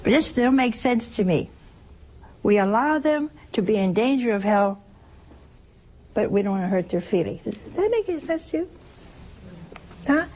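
A woman's voice: a little high, very animated, moderate pace, long pauses, darkish tone, slight background noise. A woman giving a sermon-style teaching talk, with teasing humor and many rhetorical questions. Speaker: religious teacher.

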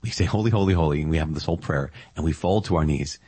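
A man's voice: extremely low pitch, quick pace, warm tone, husky, no echo. A man giving a casual, enthusiastic reflection on scripture as a Catholic preacher, often marvelling aloud.

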